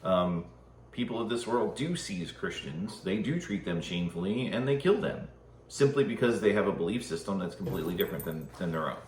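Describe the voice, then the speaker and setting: A man co-hosting a casual Bible discussion at home, speaking in a measured, reflective way. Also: low voice, lively intonation, a little mellow, far from the mic. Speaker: co-host. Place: room at home. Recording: echoey home room, faint hiss.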